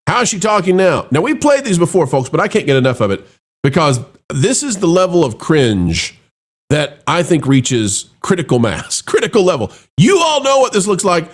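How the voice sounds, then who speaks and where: A man's voice: sing-song, moderate pace. A middle-aged man hosting an opinionated commentary show, talking in a sarcastic, mocking way. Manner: dramatic swings between high and low voice.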